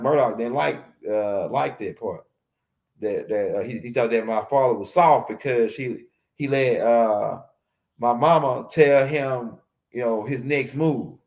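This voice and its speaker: A man giving a casual, rambling lecture on a livestream, repeating himself and using street slang. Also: mid-range voice. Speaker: host of a spiritual teaching stream.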